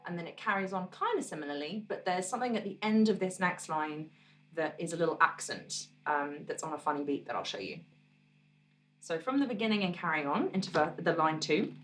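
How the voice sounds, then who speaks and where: A woman musician teaching her own song on guitar, explaining parts in a relaxed, encouraging way and counting beats aloud. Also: fairly low pitch, a little fast, distant mic.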